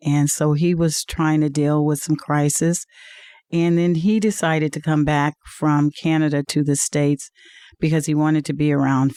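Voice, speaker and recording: A woman's voice: deep voice, dark tone, dry recording, clean studio sound. A woman guest in an interview, telling a personal story in an earnest, heartfelt way, with frequent "uh"s. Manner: earnest, heartfelt testimony with many "uh"s. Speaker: interview guest, league executive.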